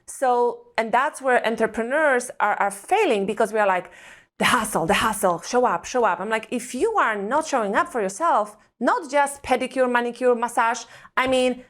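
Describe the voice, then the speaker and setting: A woman's voice: on the high side, a bit bright. A woman from Europe, a parenting coach talking earnestly and emphatically as a podcast guest, full of searching questions. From Eastern Europe. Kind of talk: reflective podcast interview talk.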